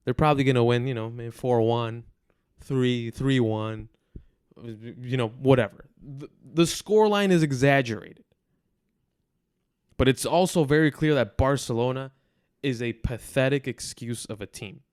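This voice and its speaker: A man's voice: mid-range voice, a little slow, darkish tone, smooth, no room sound, studio quality. A man in his twenties hosting a football podcast, bluntly venting his frustration and repeating points for emphasis. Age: 20s. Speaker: podcast host. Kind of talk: football commentary monologue.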